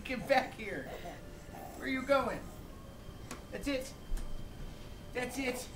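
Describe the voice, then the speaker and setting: A woman's voice: sits high, extremely slow, pauses often, background noise. A woman cooing, coaxing and cheering on a baby in a home video.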